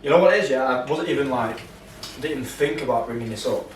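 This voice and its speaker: A man's voice: medium pitch, fast. A man, co-hosting a podcast, telling a story carefully with many fillers. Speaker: podcast co-host. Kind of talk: casual chat. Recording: roomy, distant mic with faint noise.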